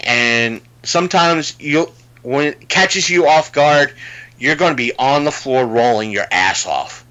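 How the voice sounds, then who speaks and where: Rambling man with a bright, dull-sounding mic. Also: medium pitch, a little slow. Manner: rambling storyteller with many fillers and restarts. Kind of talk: casual podcast chat.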